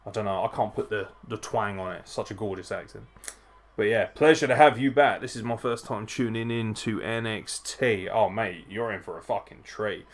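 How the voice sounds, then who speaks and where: A man's voice: lowish voice, steady tone, moderate pace. A man hosting a live wrestling watchalong, tipsy, chatty and profane as he reacts and greets viewers. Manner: profane, chatty, frequent swearing. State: tipsy from drinking. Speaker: wrestling podcast host.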